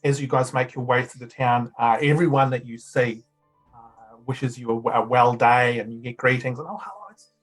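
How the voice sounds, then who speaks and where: A man running a tabletop game as game master, his pitch sitting at an ordinary middle. He describes scenes in a relaxed, loose way, and faint music plays underneath. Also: normal speed, poor audio.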